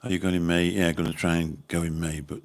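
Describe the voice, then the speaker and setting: A man's voice: low-pitched, flat delivery, fast talker. A man with a Birmingham accent, rambling casually as he chats with viewers on a livestream, swearing mildly. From Birmingham, England. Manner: rambling, chatty, mild swearing. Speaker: channel host chatting with viewers.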